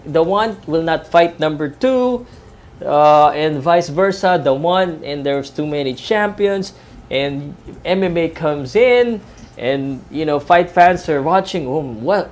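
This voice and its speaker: A professional commentator from the Philippines talks loosely about boxing and MMA on a fight-night live stream, full of fillers and restarts. His voice is fairly high-pitched, animated, and slow.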